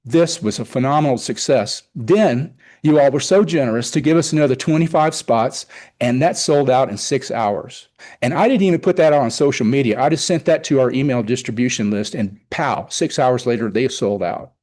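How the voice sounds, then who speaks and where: A man's voice: medium pitch, moderate pace, a little mellow. A middle-aged man giving an enthusiastic, rambling report at a public meeting, often retelling conversations. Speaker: car show organizer presenting to town board.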